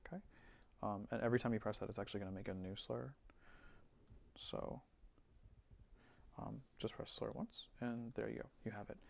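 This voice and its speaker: A man giving a relaxed screen-recorded music software tutorial, thinking aloud with fillers as he works. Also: on the low side, moderate pace, vocal fry, pauses often. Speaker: music teacher.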